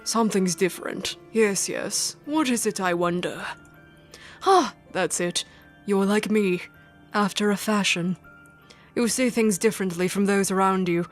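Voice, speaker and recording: A woman's voice: mid-range voice, unhurried, soft background music, natural voice. A woman voicing a mysterious, sinister male collector in a game with a put-on British accent, theatrical and cryptic. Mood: menacing.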